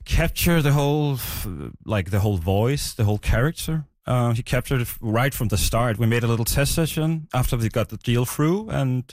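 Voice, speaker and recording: Halting man guest, lots of fillers. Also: medium pitch, a little mellow, no room sound, studio quality. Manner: halting, many "uh"s and restarts. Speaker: podcast creator, guest. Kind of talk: casual interview answers.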